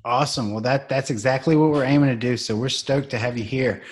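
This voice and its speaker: A man's voice: medium pitch, steady tone, quick pace. A man hosting a podcast interview in an upbeat, casual way. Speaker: podcast host.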